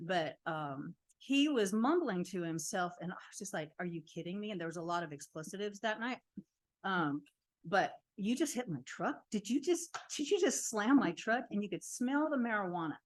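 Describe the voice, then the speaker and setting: A woman giving a public comment at a city council meeting, telling an animated, indignant story. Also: lowish voice.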